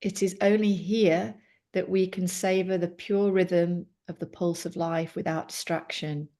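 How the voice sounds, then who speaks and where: Woman, reading aloud, slow, lowish voice, self-correcting. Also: steady tone, mellow. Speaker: yoga student.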